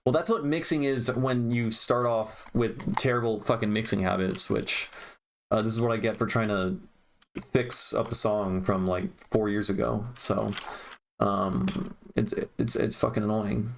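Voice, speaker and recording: Unhurried and steady, a young man who makes music grumbles profanely to himself as he works on a mix. His voice is lowish and creaky, and typing, keyboard clicks, and slight background noise can be heard.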